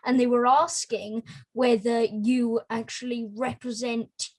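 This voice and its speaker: A woman's voice: on the high side, little pitch movement, slow, poor audio. A woman interviewing a guest, hesitant with many restarts, over a video call. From South West Wales. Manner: hesitant, with restarts and eager short replies. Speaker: interviewer, music reviewer. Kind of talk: casual interview.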